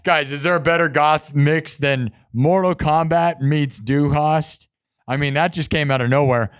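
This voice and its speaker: A man's voice: a little high, a little slow, smooth, dry recording. A man hosting a live music stream, chatting with viewers in a boastful, defensive way. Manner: boastful, defensive, talking to chat. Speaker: livestream host and musician. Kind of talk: casual livestream chat.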